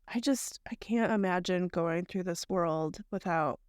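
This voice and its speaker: A woman co-host with a lowish voice, retelling a story in long, run-on strings of events. She talks bluntly and casually. The sound is close and dry, with no room echo. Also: measured pace, smooth. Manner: conversational, recounting events in long run-on chains; blunt, mild swearing. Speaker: podcast co-host. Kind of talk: casual chat recapping a story.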